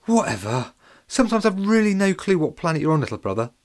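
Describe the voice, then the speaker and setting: A man voicing a mischievous eight-year-old boy, high and loud with excitement. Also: fast. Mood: fond.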